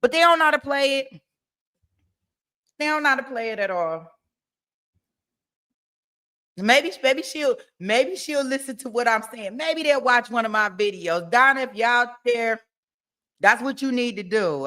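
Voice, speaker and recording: A woman with a bright, forceful voice hosts a loose livestream about a court case. She talks in a lively, joking way, breaks into laughs and acts out scenes of tearful testimony. The tone is chatty and unscripted. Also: a little high. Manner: animated, laughing, acts out mock crying testimony. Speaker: true-crime trial commentary host. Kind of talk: casual livestream commentary.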